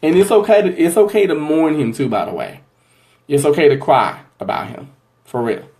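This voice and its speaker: A man's voice: fairly high pitch, sing-song, moderate pace, a little mellow. A man reads tarot on a live stream. He talks in an effusive, chatty way and keeps calling his viewers honey and y'all. He thanks them again and again between readings. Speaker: psychic tarot reader hosting a live stream. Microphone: livestream from a phone or webcam.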